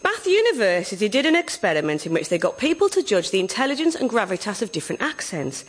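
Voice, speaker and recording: A woman speaks with a sing-song, upward-lilting delivery and a very lively pitch. She is a guest on a scripted comedy radio show. Her voice sits in a middle register for a woman. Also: quick pace. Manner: sing-song, rising lilt.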